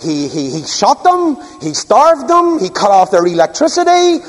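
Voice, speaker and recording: Older preacher, emphatic sermon delivery, voice soaring high in a reverberant hall. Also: male voice, big pitch swings, normal speed. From Northern Ireland. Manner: emphatic, rhetorical questions, sweeping pitch.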